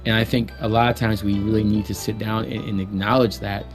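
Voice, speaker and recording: A low-voiced man speaks earnestly as a podcast co-host, weighing his thoughts in a reflective way. Faint music sits underneath his voice. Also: little pitch movement, a little fast. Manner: earnest and reflective, sharing personal views. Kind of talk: casual podcast chat.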